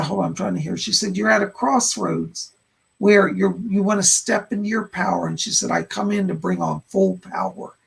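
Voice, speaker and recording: Male psychic medium host, gravelly, husky, relays messages with constant "she said" asides. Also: high voice. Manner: relays spirit messages, frequent "he said" and "hold on". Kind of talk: live-stream psychic readings of chat questions.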